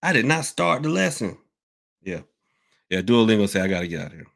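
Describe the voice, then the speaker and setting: A man's voice: on the low side, brisk, gravelly. Rambling man hosting a podcast. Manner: rambling, animated, swings between loud outbursts and mutters. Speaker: podcast host. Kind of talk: casual live Q&A chat.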